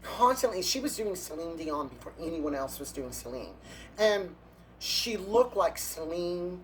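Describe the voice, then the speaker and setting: A man's voice: on the high side, expressive, a little slow, slight background noise. A man, a drag performer, telling catty backstage stories in a casual, gossipy interview, breaking into laughs and gasps.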